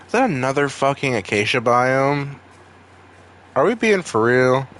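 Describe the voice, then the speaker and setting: A man's voice: medium pitch, big pitch swings, unhurried, a bit bright. A young man from Maine with a Maine accent, rambling and swearing casually while streaming a game. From Maine, USA. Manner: rambling, profane, wisecracking. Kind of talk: casual gaming stream chat.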